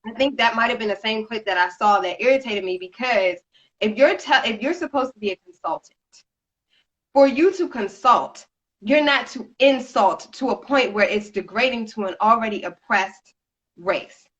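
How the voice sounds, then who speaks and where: Sassy bright woman on a dull line. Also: fairly high pitch, moderate pace. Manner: sassy, rhetorical, addresses listeners as honey and girl. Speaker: co-host. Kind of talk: casual chat.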